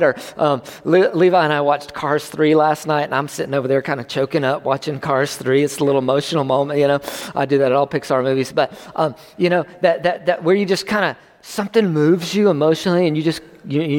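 A man preaching a sermon at a church service in a loose, conversational way, often restarting and swelling in emphasis. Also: a little high. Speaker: pastor. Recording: long hall reverb.

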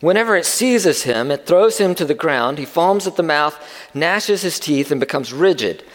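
A pastor preaches to his congregation in a casual, conversational way, often stopping to ask them questions. His voice sits high for a man. It rings out with the long reverb of a large hall. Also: lively intonation, normal speed. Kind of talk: sermon.

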